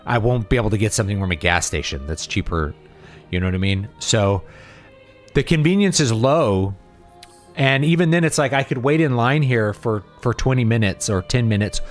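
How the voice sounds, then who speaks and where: A man in his thirties streaming a game, talking casually and rambling as he thinks aloud. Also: medium pitch. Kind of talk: casual gaming livestream chat.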